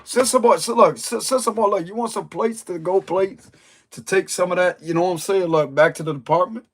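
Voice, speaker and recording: A man with a fairly high voice talks through a tarot reading like a casual chat. He jokes and riffs in loose, slangy speech. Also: fairly quick. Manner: playful, joking, slangy and loose. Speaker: tarot reader.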